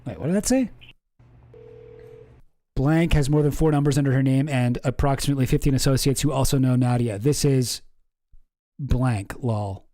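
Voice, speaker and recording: A man's voice: medium pitch, normal speed, pauses often, dark tone. A man hosting a reaction video, chatting casually and cracking jokes with some swearing. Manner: laid-back, wisecracking, swears freely.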